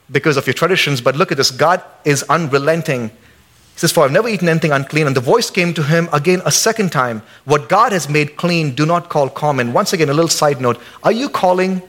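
A pastor preaching a lively sermon in church, acting out quotes and jokes. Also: male voice, fairly high pitch. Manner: animated, acts out quotes and jokes.

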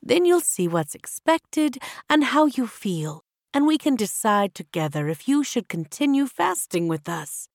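A proud queen mother talks to her child gently and reassuringly, as a woman storyteller voices her. The reading is slow and dry, with a lively lift. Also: fairly high pitch, dry recording, voice pushed up. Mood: gentle.

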